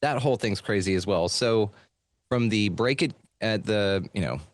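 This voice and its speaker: A man's voice: on the low side, normal speed, no echo. A middle-aged man chatting casually about his life as a podcast host, loose and profane, with lots of fillers, in a treated home studio. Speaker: podcast host being interviewed. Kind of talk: casual storytelling chat.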